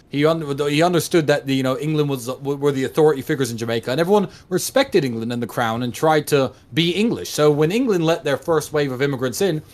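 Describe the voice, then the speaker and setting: A man in his thirties talking bluntly and emphatically, with frequent swearing, as a guest in a casual conversation. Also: on the high side. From United States. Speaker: livestream guest.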